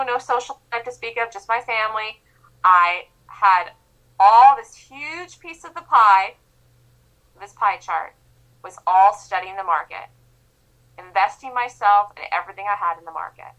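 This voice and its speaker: A woman's voice: mid-range voice, expressive, measured pace, pauses often, fairly bright tone, poor audio. A woman trading instructor giving a motivational lecture in an emphatic, insistent manner.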